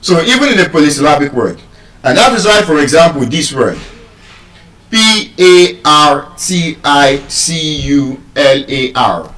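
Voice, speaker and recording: A man's voice: a little high, very animated, measured pace, a bit bright, roomy sound, far from the mic, poor audio. A man with a Nigerian accent giving a live stage lecture on pronunciation, quizzing the audience and spelling words out letter by letter. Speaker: public speaker teaching pronunciation.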